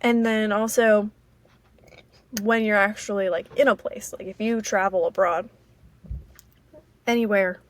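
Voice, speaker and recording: An American woman from Maryland hosting a casual solo podcast, rambling and halting with many fillers. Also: mid-range voice, fairly even intonation. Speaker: podcast host.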